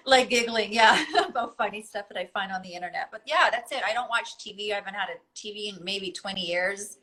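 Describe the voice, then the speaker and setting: A woman guest in a casual conversation, telling stories in an animated way and giggling often. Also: medium pitch, a little fast, low-quality recording. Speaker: podcast guest.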